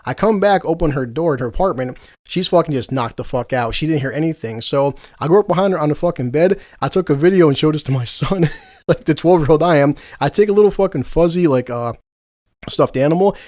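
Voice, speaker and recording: A man's voice: on the high side, quick pace, a little mellow, no room sound, studio quality. A man in his forties hosting a podcast in casual chat, swearing a lot and laughing through rambling stories. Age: 40s. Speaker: podcast host.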